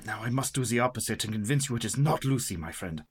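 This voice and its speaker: An actor playing a stern, wise professor who hunts vampires, formal and commanding, in radio drama style. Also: male voice, mid-range voice, expressive, fast talker, breathy edge.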